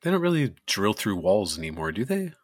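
A man's voice: on the low side, very animated, brisk, no room sound, studio quality. A man co-hosting a podcast, reminiscing wryly during a movie commentary and chuckling between remarks. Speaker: podcast co-host. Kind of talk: casual movie commentary chat.

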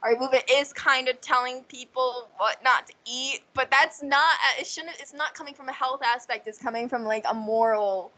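Bright-voiced chatty young woman. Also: high-pitched, moderate pace, few pauses, rough recording. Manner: chatty, animated, lots of fillers. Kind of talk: casual chat.

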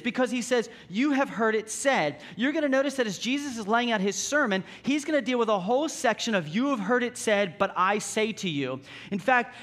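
A man's voice: very high-pitched, fairly bright tone. A man preaching a sermon in a conversational way, reading scripture and asking the congregation rhetorical questions. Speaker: pastor.

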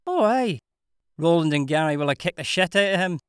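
A woman's voice: lowish voice, animated, fairly quick, clean tone, dry recording, clean studio sound, voice pushed up, lightly acted. A narrator voicing Sophia, a young Glaswegian stripper woman with a musical brogue, blunt and teasing, in an audiobook. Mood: frank, teasing. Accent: Glaswegian Scottish.

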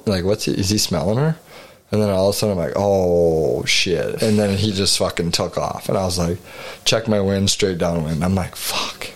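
A man co-hosting a podcast, rambling through a hunting story in casual chat with frequent swearing. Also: sits low. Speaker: podcast co-host.

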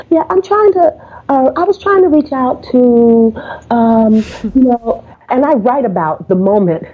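A woman speaks as a podcast guest, mid-pitched, telling her story with lively energy. She acts out her phone calls, slipping into quoted voices. Her voice comes through a narrow, phone-like call line. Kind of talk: casual interview storytelling. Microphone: remote call.

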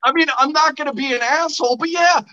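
Male co-host, high bright voice, cursing rants, muffled lo-fi mic. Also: quick pace, a little hiss or hum. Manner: profane, excitable, swings from low mutter to loud rants. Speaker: podcast co-host. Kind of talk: casual chat. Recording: dull lo-fi sound.

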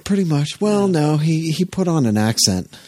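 A man's voice: on the high side, very animated, moderate pace, a little mellow, no room sound. A man co-hosting a casual podcast, joking and teasing his partner. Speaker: podcast co-host.

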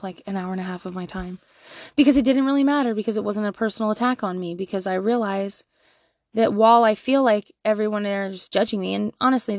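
Frank and profane, a mother in her thirties shares parenting advice in a candid monologue, laughing often and alternating quiet asides with loud bursts. She speaks at a medium pitch, and the recording is dry with clean studio sound.

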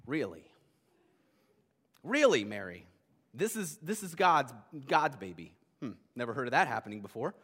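A man's voice: medium pitch, sing-song, normal speed, long pauses, fairly bright tone, breathy edge, exaggerated voice. A man playing a hurt young man, sarcastic and disbelieving toward his fiancée. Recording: long hall reverb.

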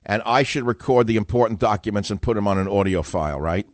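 A man's voice: fairly low pitch, quick pace, slight background noise. An older man hosting a call-in radio talk show, opinionated, emphatic and self-assured, combative in his monologues.

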